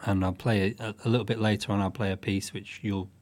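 Man, fairly low pitch, folk musician guest, hesitant and thoughtful. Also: level tone, fast, darkish tone. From northwest England. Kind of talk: interview chat.

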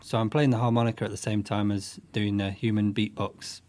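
A man from northwest England, a folk musician talking thoughtfully in an interview, often pausing and restarting. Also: fairly low pitch, flat delivery, darkish tone. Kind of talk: interview chat.

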